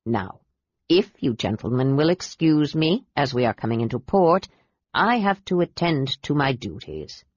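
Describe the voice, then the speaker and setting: Brief: a woman playing a grave, superstitious sea captain, low-pitched and husky, on a dull lo-fi audiobook. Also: very animated, unhurried, no echo, exaggerated voice. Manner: grave, respectful. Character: superstitious middle-aged male ship captain, grave.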